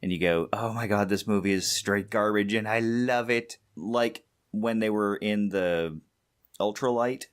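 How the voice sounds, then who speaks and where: Casting: low-voiced man, relaxed podcast co-host, chatty and laughing. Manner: laughs often, chatty movie riffing. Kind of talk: casual chat.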